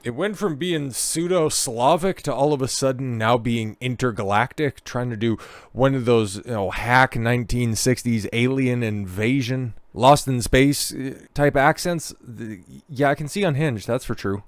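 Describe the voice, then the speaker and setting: A man with a medium-pitched voice hosts a reaction commentary, speaking a little slowly with no echo. His tone is sarcastic, mocking and often profane, and he keeps tacking "okay?" and "right?" onto the ends of his phrases.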